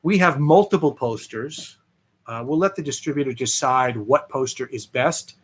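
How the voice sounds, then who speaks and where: A man, a film director, chatting as a guest and telling lively anecdotes with many fillers. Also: medium pitch, normal speed, husky. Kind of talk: interview storytelling.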